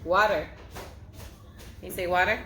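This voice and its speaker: A woman's voice: lowish voice, steady tone, moderate pace, fairly bright tone, roomy sound, a little hiss or hum. A woman teaching a circle-time lesson to young children, speaking in a patient, sing-song way and drawing out her words. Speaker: preschool teacher.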